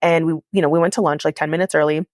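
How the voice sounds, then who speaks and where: A woman's voice: low voice, fairly even intonation, very fast, no echo, clean studio sound. A woman podcast host telling a personal story in a candid, confessional way, with lots of "like" in her speech. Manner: candid, confessional, heavy use of "like".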